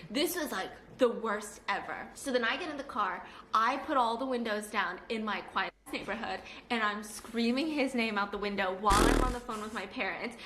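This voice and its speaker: A woman telling a personal story in casual, animated talk, acting out the people in it. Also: mid-range voice, noisy background. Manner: animated and fast, acting out her parents and a police officer. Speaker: storyteller in a played clip. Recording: echoey room.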